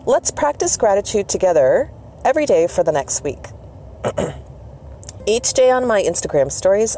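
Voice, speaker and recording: A woman from Canada talks to her viewers in a relaxed, encouraging way, slipping in little chatty asides. Her voice sits a bit low and sounds mellow and soft-edged. A faint hum of passing traffic is heard behind her. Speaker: self-care vlogger and host. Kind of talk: casual motivational talk.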